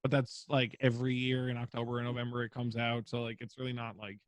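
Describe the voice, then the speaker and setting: A man's voice: medium pitch, monotone, fast talker, no echo. A young man, a streamer guest on a podcast interview, talking casually with lots of fillers and free swearing. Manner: rambling, filler-heavy, swears freely.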